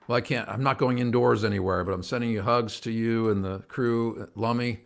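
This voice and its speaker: A man's voice: mid-range voice, fairly quick, vocal fry, hardly any pauses. Earnest rambling man hosting a livestream. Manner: rambling, earnest, gets worked up and calms himself. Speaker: host of a livestream show. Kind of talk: casual livestream chat to viewers. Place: at home by a window, indoors.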